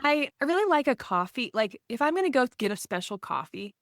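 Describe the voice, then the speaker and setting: A woman's voice: sits high, sing-song, brisk, a bit bright, no echo. Woman cohost, easy chatty talk, lots of likes, dry mic. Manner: chatty, laughs often, many likes and fillers. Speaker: podcast co-host. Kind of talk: casual chat.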